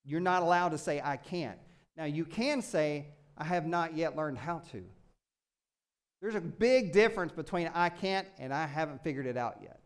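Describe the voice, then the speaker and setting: A male pastor preaching with a high, smooth and resonant voice. He talks in an animated way, shouting with excitement at one moment and dropping low and quiet the next. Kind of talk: sermon.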